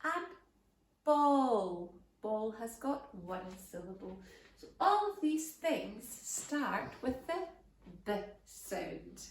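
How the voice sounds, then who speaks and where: A woman teaching phonics to toddlers in a slow, exaggerated sing-song way. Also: a little high, roomy sound, far from the mic, slight background noise. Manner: very slow, exaggerated and animated, stretching words.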